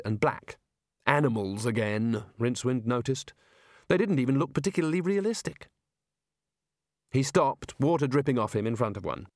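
A man narrating an audiobook in a wry, deadpan manner, close to the mic. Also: medium pitch, no room sound.

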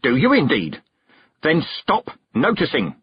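A man reading aloud, voicing a stern, proud old woman witch with a husky, brisk and commanding manner. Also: medium pitch, big pitch swings, no room sound, voice pushed up. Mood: sharp. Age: older. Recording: dull, dry close recording.

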